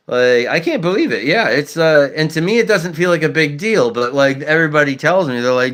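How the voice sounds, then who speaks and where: A man's voice: a little high, animated, a little fast, few pauses, a bit bright. A man hosting a casual livestream chat, talking bluntly and with lots of swearing, and stuttering at times. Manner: blunt, profane, ranting. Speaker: livestream host.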